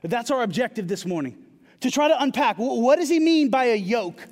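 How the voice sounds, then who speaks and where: High-voiced pastor preaching in a hall. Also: male voice, expressive, brisk, a little mellow. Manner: conversational preaching with repetitions and rising emphasis. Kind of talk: sermon. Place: church.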